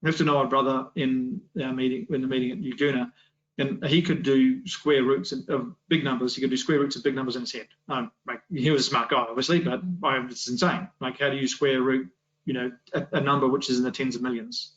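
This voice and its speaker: Male Sunday school teacher, mid-pitched, conversational and full of restarts; dull lo-fi recording. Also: steady tone, a little fast, fairly bright tone. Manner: conversational, many restarts and rhetorical questions. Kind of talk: Bible class teaching.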